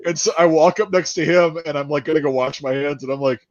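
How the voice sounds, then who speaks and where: A man telling a rambling story in a casual chat, animated, laughing and swearing a lot. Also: on the high side, fast. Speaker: podcast host. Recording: dull dry lo-fi sound.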